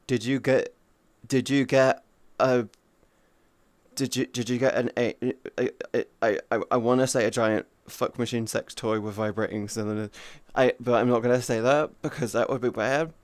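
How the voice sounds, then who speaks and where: A man chatting casually on a livestream, teasing viewers playfully and cooing soft praise at them. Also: mid-range voice, clean tone, no echo. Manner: playful, teasing chat banter. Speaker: streamer.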